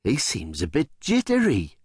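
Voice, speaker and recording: A man's voice: mid-range voice, wildly swooping pitch, moderate pace, darkish tone, breathy edge, no echo, studio quality. A man voicing a brainy male dinosaur crew member in a children's audiobook, explaining things. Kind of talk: audiobook character voice.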